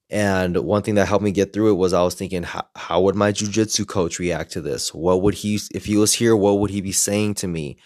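A man's voice: fairly low pitch, darkish tone, no echo, clean studio sound. A man speaking frankly and reflectively in a casual personal monologue, swearing often as he shares his own experiences. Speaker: self-help creator.

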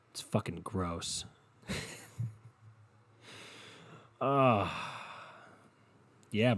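A young man hosting a solo podcast from his bedroom, ranting in a profane, sarcastic, rambling way into a computer mic. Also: low voice. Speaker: podcast host. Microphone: desktop computer mic.

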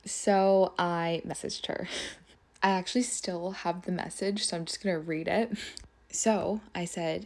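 A young woman hosts her own podcast and tells a story in casual chat. Her voice sits low and has a gravelly fry. She talks in an animated way, says "like" constantly and swears freely. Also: a little slow. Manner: animated, swears often, lots of "like". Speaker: podcast host.

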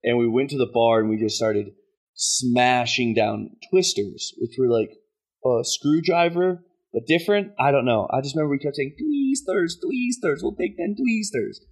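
A man's voice: medium pitch, moderate pace. A young man hosting a podcast, telling a story in casual chat and laughing at himself as he goes. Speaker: podcast host.

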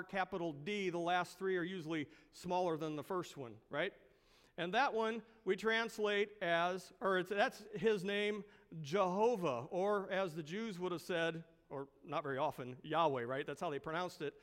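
A man's voice: high-pitched, in a large hall. A man preaching a sermon as a pastor, stretching out words for emphasis and asking the congregation rhetorical questions.

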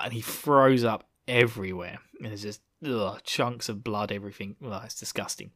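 Animated, slangy male podcast host. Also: lowish voice, brisk, few pauses. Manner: animated, laughing, slangy storytelling. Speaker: podcast host recapping a book. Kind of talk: casual chat.

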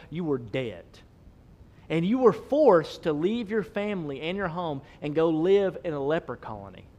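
Male pastor, high voice, emphatic sermon delivery, repeats lines, asks the room questions, casual tone. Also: darkish tone. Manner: emphatic, repetitive, rhetorical questions; casual, with filler likes.

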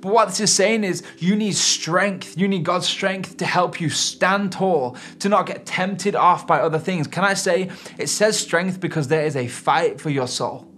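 A man's voice: high-pitched, a little slow, hardly any pauses, pushed and bright. A man preaching a sermon in an earnest, emphatic way. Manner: earnest, emphatic preaching with rising and falling intensity. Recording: faint music underneath.

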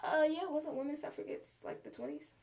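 A woman's voice: high-pitched, a little fast. A woman co-hosting a podcast, chatting casually about a film and acting out its lines with slang and swearing. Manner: animated, acts out movie lines with profanity and slang. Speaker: podcast co-host. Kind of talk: casual movie review chat.

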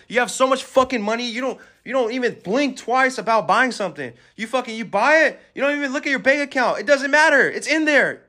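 A man's voice: very high-pitched, pushed and bright. A man hosting a podcast, giving an aggressive, swear-filled motivational rant at the listener. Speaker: podcast host.

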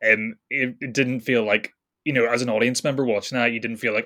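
A man's voice: mid-range voice, steady tone, a little fast, bright, forceful tone. A man co-hosting a podcast, chatting casually about a film and teasing his co-host. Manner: teasing, laughs easily. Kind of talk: casual review chat.

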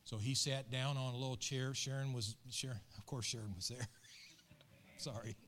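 A man's voice: mid-range voice, steady tone, moderate pace, a bit bright, slight background noise. A middle-aged man, a pastor, telling a story in an earnest, emotional and colloquial sermon.

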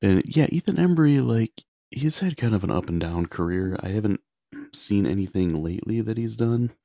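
A man's voice: on the low side, animated, normal speed, vocal fry, dark tone, dry recording, clean studio sound. A man co-hosting a podcast, casually retelling movie scenes in a rambling way with lots of filler words. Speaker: podcast co-host.

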